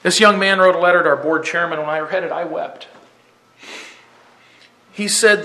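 A man teacher giving an earnest inspirational talk to fellow teachers, impassioned and emphatic, dropping from loud to hushed. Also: high voice, normal speed, pauses often.

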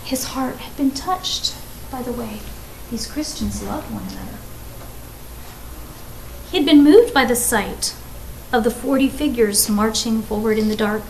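A woman with a fairly high voice reads a story aloud to children. She stops now and then to ask her listeners friendly questions. Her delivery is plain and conversational between the dramatic passages. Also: measured pace, long pauses, slight background noise, rough recording.

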